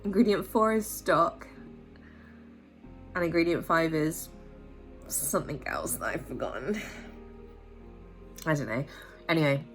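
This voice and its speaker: A woman's voice: animated, a little slow, long pauses, faint music behind. Chatty woman with a sore throat. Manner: talks in high baby-talk to her pet bird; chatty, rambling with many ums. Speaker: vlogger. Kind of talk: casual vlog chat.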